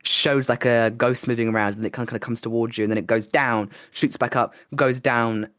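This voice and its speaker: A slightly hoarse man co-hosting a podcast, telling rambling, excitable stories in casual chat. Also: medium pitch, fairly quick, no room sound, clean studio sound. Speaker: podcast co-host.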